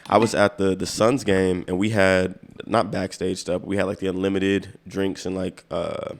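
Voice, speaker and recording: A man co-hosting a podcast in loose, relaxed casual chat, often repeating words as he starts a thought. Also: low voice, normal speed, vocal fry. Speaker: podcast co-host.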